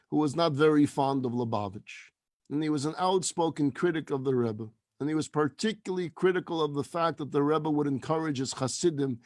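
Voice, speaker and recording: Animated rabbi telling a story. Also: male voice, fairly high pitch, dry recording, clean studio sound. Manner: animated storyteller acting out dialogue; drops to a hushed, slow delivery at emotional peaks. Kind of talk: sermon storytelling.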